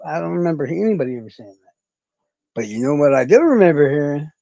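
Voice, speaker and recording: A man chatting on his livestream in a rambling, profane, self-mocking way. His voice sits a little high and swings widely in pitch. The sound is dry and close, with little room tone. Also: expressive, fast talker, vocal fry, a little mellow, dry recording, dull audio. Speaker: livestream host. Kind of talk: casual livestream chat.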